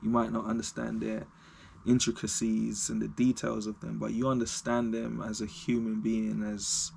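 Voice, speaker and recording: A man's voice: fairly low pitch, monotone, normal speed, gravelly, a little mellow, slight background noise. A man vlogging to camera, talking unscripted in a reflective, rambling way and laughing at himself.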